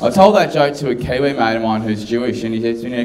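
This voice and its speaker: Deadpan male comic, dry and unhurried, live club crowd audible. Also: mid-range voice. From Australia. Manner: dry, deadpan delivery of edgy jokes. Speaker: stand-up comedian. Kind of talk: stand-up routine. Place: comedy club stage with audience.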